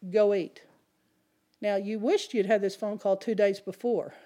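A middle-aged woman preaching a sermon, telling a personal story in an animated way. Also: medium pitch, normal speed.

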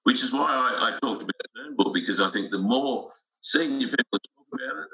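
A man's voice: mid-range voice, a little fast, sharp tone, rough recording. A middle-aged man in casual conversation, telling stories earnestly with frequent restarts.

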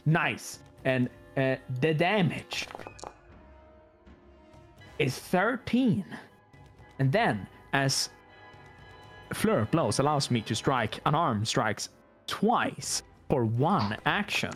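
Man player, halting and full of fillers. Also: mid-range voice, very animated, faint music behind. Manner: halting, many fillers and restarts. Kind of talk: playing a tabletop game.

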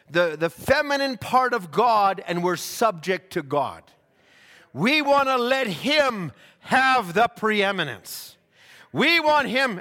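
A man's voice: high voice, sharp tone, big-room sound. A man preaching a sermon in a fervent way, often stumbling over restarts and repeated words.

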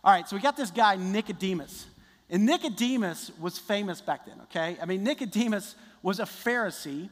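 Male pastor, high voice, lively conversational sermon, long hall reverb. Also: fairly quick. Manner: conversational, animated preaching with restarts.

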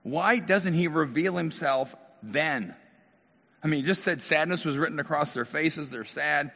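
A man preaching a sermon as a pastor, asking questions with animated emphasis. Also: on the high side, measured pace, vocal fry. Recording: long hall reverb.

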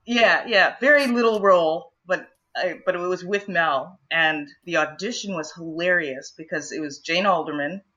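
A woman's voice: fairly low pitch, normal speed, hardly any pauses, pushed and bright, highs cut off. A woman actress, a guest in an interview, telling stories in a chatty way with many fillers and restarts. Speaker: guest, actress and improv performer. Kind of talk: casual storytelling interview.

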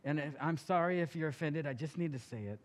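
A man with a high voice preaching a sermon, his words ringing with the long reverb of a big hall. He is impassioned and swings between loud urgent stretches and hushed ones. He drops in casual asides like a friend talking. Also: quick pace. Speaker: pastor.

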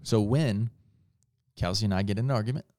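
Low-voiced earnest man, dry close sound. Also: brisk, a little mellow, no echo. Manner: earnest, often restarts and corrects himself. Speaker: podcast co-host. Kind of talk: casual faith conversation.

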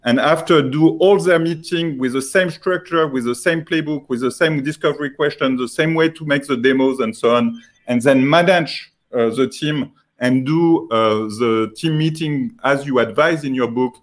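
Hesitant man with a French accent. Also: medium pitch. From France. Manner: halting, with many filler sounds. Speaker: founder pitching his software.

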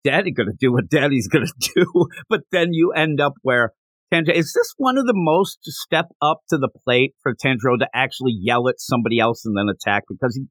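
A man's voice: mid-range voice, fairly quick, no room sound. A man co-hosting a podcast, chatting casually and joking as he recaps a manga chapter. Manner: animated, jokey, slips into character voices. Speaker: podcast co-host.

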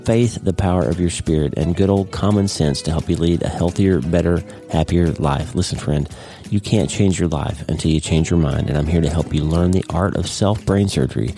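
Brief: middle-aged male podcast host, low mellow voice, unscripted and earnest. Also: normal speed, faint music behind. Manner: earnest, off-the-cuff with frequent restarts. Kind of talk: casual unscripted podcast monologue.

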